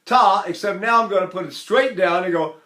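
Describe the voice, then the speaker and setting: Older male tenor teacher, conversational lecturer, a touch high-pitched, rambling with fillers. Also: a little fast, bright, forceful tone. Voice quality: trained tenor voice. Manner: conversational, many fillers, breaks into full operatic singing. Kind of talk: lecture with sung demonstrations.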